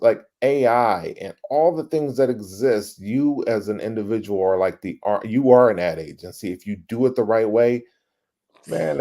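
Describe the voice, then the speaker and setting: A middle-aged man, a podcast guest, telling his career story in a casual, animated way, swearing and acting out past scenes. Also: mid-range voice, creaky. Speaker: podcast guest, ad creative director.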